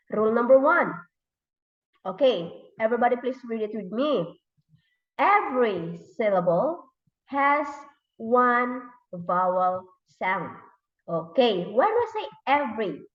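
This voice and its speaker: A woman English teacher with a Thai accent leading a classroom lesson, slowly repeating words and sounding out letters and syllables. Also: on the high side, recorded from a distance. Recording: echoey room, dull lo-fi sound.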